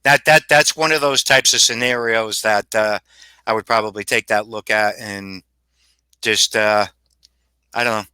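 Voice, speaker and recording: A man's voice: on the low side, steady tone, measured pace, bright, forceful tone, clear, resonant tone, no echo. A man telling stories as a guest, rambling and salty, swearing freely. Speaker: paranormal investigator guest. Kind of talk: casual storytelling.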